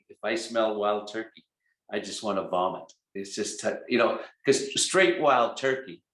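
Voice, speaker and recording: A man in his sixties tells backstage road stories with gusto. He is a rock singer and slips into the voices of the people he quotes. His voice is mid-pitched and carries a roomy echo. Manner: animated anecdotes, acts out quoted voices. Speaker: rock singer, interview guest. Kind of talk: storytelling in a casual interview.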